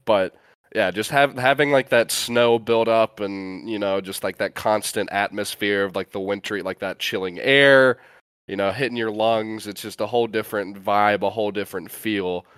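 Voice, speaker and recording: Low, smooth-voiced rambling guy. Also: moderate pace, dry recording. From US Midwest, Great Lakes state. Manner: rambling, filler-heavy, relaxed. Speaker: podcast co-host. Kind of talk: casual chat.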